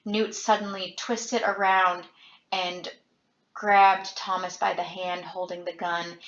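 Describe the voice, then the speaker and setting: A woman's voice: fairly low pitch, little pitch movement, takes it slowly, fairly bright tone. Woman reading a novel aloud dramatically. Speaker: audiobook reader. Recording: roomy, dull lo-fi home recording.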